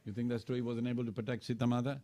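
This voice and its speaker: A man's voice: medium pitch, flat delivery, rapid-fire, dark tone. A man giving a sermon at a temple, telling scripture stories and acting out the characters' lines. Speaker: temple speaker. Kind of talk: storytelling sermon. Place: temple hall.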